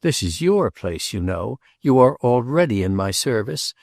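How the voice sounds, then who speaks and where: A man voicing a brash, cheerful self-made gentleman who talks heartily. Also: on the low side, sing-song, normal speed, no echo, studio quality. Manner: hearty, jovial.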